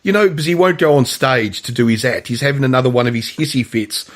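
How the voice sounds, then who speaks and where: A man's voice: mid-range voice, fast talker. A man co-hosting a podcast, chatting casually about films, rambling with many restarts and stammered repeats, laughing often. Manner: laughs often, mimics film lines in a raised voice. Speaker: podcast co-host. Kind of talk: casual film chat.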